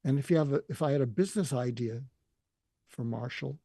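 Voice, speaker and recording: Here a guest, an older man, moves briskly through a deeply personal story, earnest and emotional, quoting others along the way. His husky, gravelly voice carries a dark, mellow tone, and the recording is dry and close.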